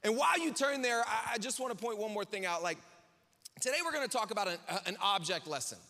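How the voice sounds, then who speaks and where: A man delivers a sermon in a relaxed, conversational way, tossing off jokes to his listeners between points. His voice sits high and bright. A long reverb from a large hall trails each phrase. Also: fast, creaky. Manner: casual, chatty preaching with jokey asides. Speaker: pastor.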